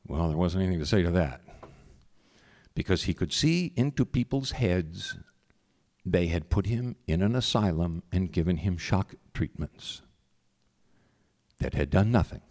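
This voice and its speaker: A man telling a personal story in a conversational, animated way. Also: sits low, moderate pace.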